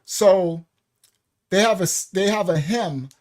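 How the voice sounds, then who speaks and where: A man with a New York accent teaching a live-streamed bible study. He pauses and restarts often, spells words out letter by letter, and turns aside to talk to his viewers. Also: high-pitched, a little mellow. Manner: talks things through, spells words out letter by letter.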